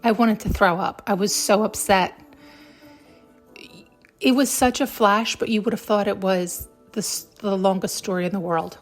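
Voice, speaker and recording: A woman's voice: medium pitch, fairly even intonation, moderate pace, faint music behind. A woman hosting her podcast, shaken and close to tears, rambling emotionally and swearing casually as she reflects. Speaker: podcast host. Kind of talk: intuitive reflection.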